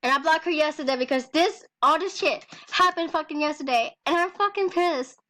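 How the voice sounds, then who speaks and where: Angry high-voiced young woman ranting. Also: a little fast, sharp tone. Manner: angry, swearing, nervous laughs. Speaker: vlogger. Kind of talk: angry rant vlog.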